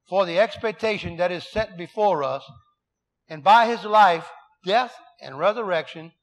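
High-voiced preaching man, folksy and emphatic. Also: fairly bright tone. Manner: folksy and emphatic, reads scripture slowly, tells stories with quoted dialogue. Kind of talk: sermon with scripture reading and personal stories.

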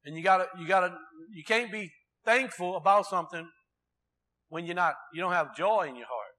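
Bright high-voiced man preaching. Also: brisk. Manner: conversational preaching with rhetorical questions to the congregation. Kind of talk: sermon.

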